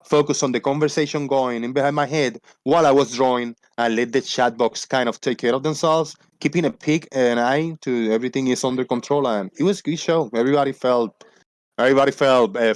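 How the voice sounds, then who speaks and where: A man's voice: mid-range voice, fairly quick, no room sound. A man with a Puerto Rican accent hosting a livestream, talking loosely and swearing casually. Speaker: livestream host.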